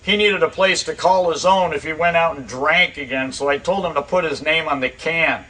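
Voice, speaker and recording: A man doing an unflappable older sponsor, matter-of-fact and easygoing, in a bright, slightly raised voice. He sits a bit back from the mic. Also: fairly high pitch, normal speed, far from the mic, low-quality recording.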